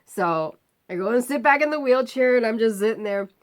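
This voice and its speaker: A woman vlogger telling a personal story to camera, animatedly acting out the people in it and dropping to a weary, quiet tone when describing her pain. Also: on the high side, expressive, fairly quick.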